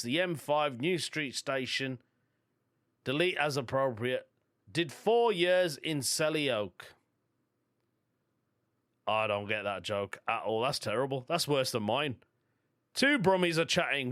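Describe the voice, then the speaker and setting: A man's voice: medium pitch, a bit bright, dry recording. Chatty Brummie man, dry close sound. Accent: Birmingham. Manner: chatty and self-amused, laughs at his own jokes. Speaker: podcast host. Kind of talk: solo comedy podcast, reading jokes aloud.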